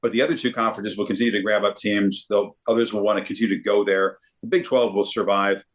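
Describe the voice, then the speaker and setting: Lowish guy, chatty storyteller, trips over his words a bit. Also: fast talker. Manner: animated storyteller with frequent repeated words. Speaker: sportscaster guest. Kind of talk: casual storytelling interview.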